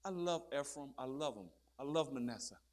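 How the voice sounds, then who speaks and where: A man preaching a fiery sermon, swinging from low murmurs to loud shouted peaks and calling out questions to his listeners. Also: lively intonation, fairly quick. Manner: calls out to the crowd with repeated questions.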